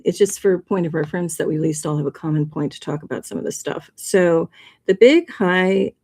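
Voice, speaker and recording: A woman's voice: lowish voice, a little fast, darkish tone. A woman hosting a livestream, talking casually and rambling a bit, with frequent laughs. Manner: rambling, chatty, laughs often. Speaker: livestream host. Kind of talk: casual presentation.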